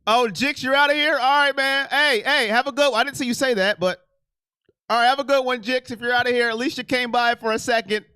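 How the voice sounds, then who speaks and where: A man's voice: very high voice, a little fast, smooth, dry recording, clean studio sound. A middle-aged man hosting a casual sports live stream, chatting and reading viewer comments aloud. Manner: animated, reads chat aloud and reacts.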